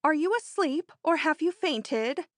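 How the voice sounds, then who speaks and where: A woman reading an audiobook, voicing a bold, excitable rich young woman in an eager, emphatic way. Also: measured pace, no echo, clean studio sound. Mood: confident. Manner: eager, emphatic, high-strung.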